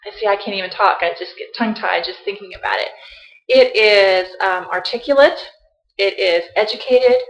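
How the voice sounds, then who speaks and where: A woman's voice: mid-range voice, fairly bright tone. A woman chatting casually and playfully to her laptop webcam, teasing herself as she goes. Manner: playful, self-mocking, chatty. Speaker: vlogger. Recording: roomy, slightly dull laptop audio.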